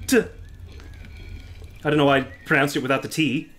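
Male game streamer, high bright voice, panicky swearing, theatrical outbursts. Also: expressive, a little fast, long pauses. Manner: screams and swears in panic, then dry jokes. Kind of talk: live gameplay commentary.

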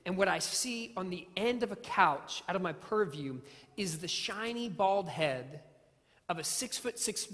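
A man's voice: sits high, animated, unhurried, fairly bright tone. Male preacher, earnest storyteller, stumbles and restarts words, big reverberant church. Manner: earnest storytelling with self-deprecating humor; repeats phrases and restarts words. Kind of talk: sermon. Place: church sanctuary. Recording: long hall reverb.

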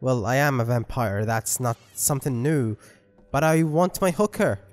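A man's voice: mid-range voice, lively intonation, moderate pace. A man commentating on gameplay, joking and rambling with self-mocking asides. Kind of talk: let's play commentary. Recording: long reverb with game music.

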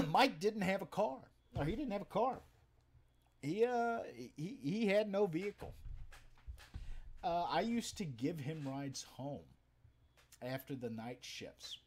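A man's voice: sits high, slow pace, long pauses, breathy edge. Guy streaming from his den, telling work stories, swears a lot, voice jumps all over. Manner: animated, profane, swings from loud to muttered. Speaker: live stream host. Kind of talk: casual storytelling to a live chat. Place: den at home. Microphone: webcam setup.

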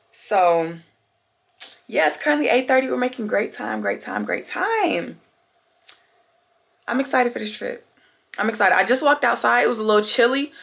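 A woman's voice: medium pitch, vocal fry, a bit bright. A woman vlogging casually to the camera from her bedroom, chatting with viewers and calling them y'all. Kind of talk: casual vlog chat to camera.

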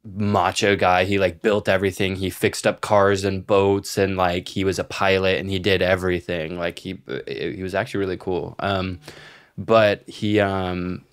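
Low-voiced young man telling a rambling story. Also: level tone, normal speed, smooth. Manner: profane, rambling storytelling with many fillers. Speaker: podcast co-host. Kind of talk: casual podcast chat.

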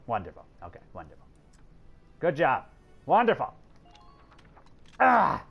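A man doing casual let's play commentary, excitable, swearing often and talking to the characters on screen. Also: medium pitch, moderate pace, faint music behind. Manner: excitable, swears a lot, talks to game characters. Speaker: gameplay commentator.

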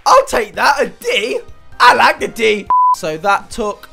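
A young man commentating a video game, panicking and shouting one moment, muttering to himself the next. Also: extremely high pitch, wildly swooping pitch, slow pace, vocal fry, over music. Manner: shouty, panicky, swings between yelling and muttering. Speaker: gaming YouTuber. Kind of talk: excitable let's play commentary.

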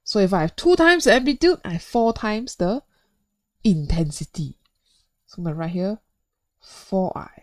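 Woman physics teacher, playful, chatty, very lively pitch, dry close sound. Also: normal speed, long pauses, no room sound. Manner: playful, chatty, jokes and asks the viewer questions. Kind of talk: recorded video lesson.

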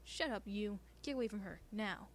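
A woman voicing an angry, defiant young woman in a video game, talking sharp and loud, over loud noise. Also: medium pitch, normal speed, lightly acted.

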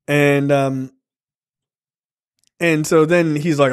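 Male podcast co-host, 40s, slightly high voice, rambling and profane, casual review chat. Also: steady tone, takes it slowly, pauses often, smooth. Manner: loose and profane, with many fillers and acted-out quotes.

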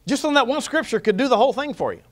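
A man's voice: very high voice, expressive, rapid-fire. A man preaching a sermon as pastor, mixing scripture reading with humor. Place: church.

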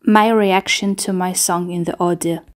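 A woman, a singer, talking casually to camera in a reaction vlog, halting, restarting and trailing off as she reflects. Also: lowish voice, fairly even intonation.

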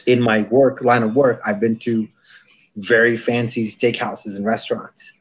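A man's voice: mid-range voice, a little slow, husky, rough recording. Laid-back man telling stories. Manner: relaxed, laid-back anecdotes with casual swearing. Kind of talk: casual chat, storytelling.

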